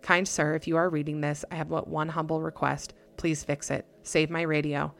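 A man's voice: a little high, flat delivery, moderate pace, creaky, a bit bright. A woman reading the farewell letter of a grieving lonely school janitor in a formal, solemn voice. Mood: despairing.

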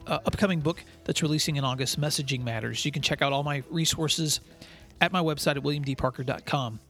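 A man hosting a podcast for school leaders, telling a story in an earnest, measured way. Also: fairly high pitch, a bit bright. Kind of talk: scripted podcast monologue with storytelling.

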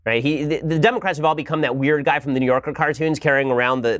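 A man's voice: medium pitch, steady tone, quick pace, hardly any pauses, a bit bright, no room sound, studio quality. A man hosting a political commentary show, delivering a combative monologue in a sarcastic, mocking manner.

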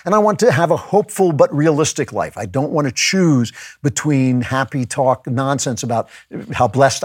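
A man with a slightly husky voice talks through his thoughts in a musing, conversational monologue. He often restarts his sentences, and his voice sits close and dry. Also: medium pitch, moderate pace, dry recording. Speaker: podcast host. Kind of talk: reflective spoken monologue.

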